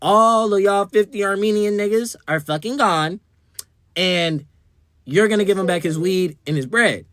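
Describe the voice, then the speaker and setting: A woman's voice: medium pitch, normal speed, no echo, clean studio sound, pitched above the performer's own voice, close to an everyday voice. A man voicing an angry young woman who scolds and swears at a party crowd. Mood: scolding. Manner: profane, scolding.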